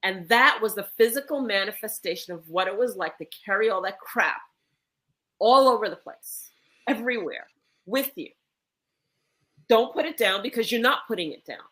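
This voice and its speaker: A woman who is a medicine woman, telling an animated, emphatic story in a conversation. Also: medium pitch, moderate pace.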